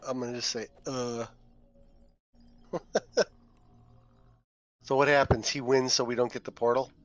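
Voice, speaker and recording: A man chatting casually while playing an online game, reacting quickly and laughing with his group. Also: mid-range voice, little pitch movement, lo-fi sound. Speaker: podcast co-host and player. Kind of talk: casual gameplay chat.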